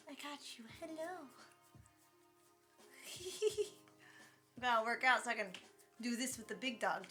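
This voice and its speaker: A woman livestreaming, chatting casually, thanking subscribers and talking in a high sing-song baby voice to her dog. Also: pushed and bright.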